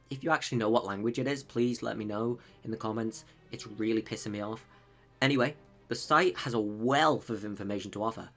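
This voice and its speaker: A man's voice: medium pitch, a bit bright. A man hosting a video, narrating history with jokey, sarcastic asides. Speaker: video host. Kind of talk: comedic educational narration.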